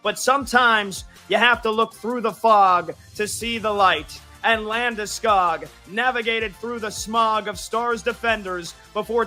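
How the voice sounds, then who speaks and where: Man, scripted sports recap, punny, dramatic, bright tone, music faint behind. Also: high voice. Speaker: sports segment contributor.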